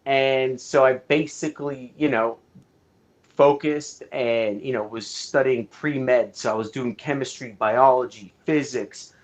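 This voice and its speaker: A man's voice: mid-range voice, fairly even intonation, measured pace. A man from Canada, a guest film director, chatting casually in an interview and telling his story candidly, with plenty of swearing and fillers.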